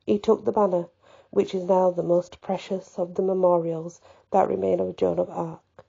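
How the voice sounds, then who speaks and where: A woman's voice: lowish voice, level tone, moderate pace, gravelly, mellow, slightly rough, highs cut off. A woman reading a novel aloud expressively, stepping out for casual asides. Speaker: reader.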